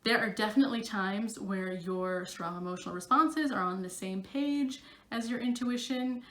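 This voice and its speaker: A woman's voice: mid-range voice, normal speed, fairly bright tone, echoey room. A woman psychic coach talking casually to her camera, chatty and full of fillers.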